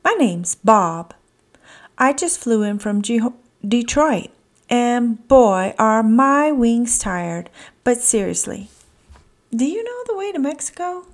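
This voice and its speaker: A woman's voice: a little high, big pitch swings, takes it slowly, pitched above the performer's own voice, exaggerated voice. A woman voicing a chatty, wisecracking male butterfly in a children's storybook reading. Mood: breezy. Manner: breezy, wisecracking.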